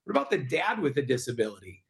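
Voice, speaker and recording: A man's voice: medium pitch, sing-song, fast talker, gravelly. A middle-aged man, interviewed as a guest, explains his project earnestly with rhetorical questions. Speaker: guest, park project founder. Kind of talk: interview answers.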